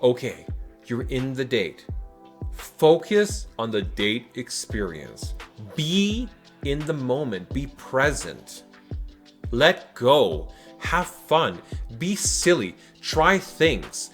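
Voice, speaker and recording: A man giving dating advice in a casual, animated monologue, emphatic with jokey asides. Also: medium pitch, slow pace, faint music behind.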